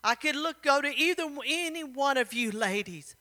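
A woman's voice: high voice, animated, moderate pace, sharp tone, big-room sound. A woman preacher telling a story and then exhorting her congregation, her sermon rising to fervent emphasis, in a church.

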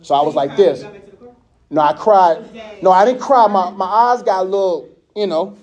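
A man giving a casual sermon, telling stories in an animated, conversational way and laughing often. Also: sits high, normal speed. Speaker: speaker.

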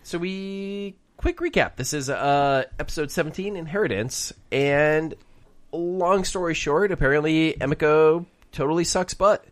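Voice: mid-range voice, unhurried. A podcast co-host in casual chat, laid-back and recapping a TV episode.

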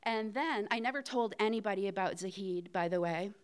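A middle-aged woman tells a personal story live on a theater stage. Her voice is smooth and clear at a middle pitch, and she talks candidly and conversationally, with fillers and short laughs. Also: brisk.

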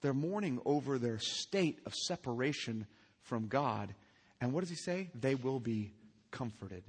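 A man's voice: mid-range voice, expressive, unhurried, breathy edge, big-room sound. A man preaching a sermon as pastor, earnest and emphatic, asking his listeners questions. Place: church sanctuary.

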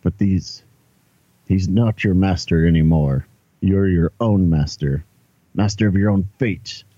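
A man's voice: deep voice, unhurried, warm tone, no room sound, highs cut off. A man playing his character in a tabletop game, talking earnestly and persuasively with some hesitation. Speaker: player. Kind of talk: in-character tabletop role-play.

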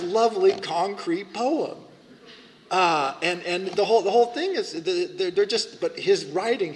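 A man giving a classroom lecture in a conversational, rambling way, with frequent restarts and fillers. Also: fairly high pitch. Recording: hall reverb, faint background noise.

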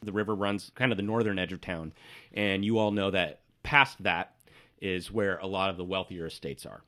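A man narrating a tabletop game as game master, relaxed and descriptive with small hesitations. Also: deep voice, moderate pace.

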